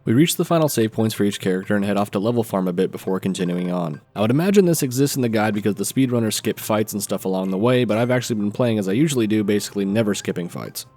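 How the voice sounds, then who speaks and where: A man's voice: lowish voice, expressive, fast talker, few pauses, mellow. A man narrating gameplay as a trophy hunter, with dry, joking asides.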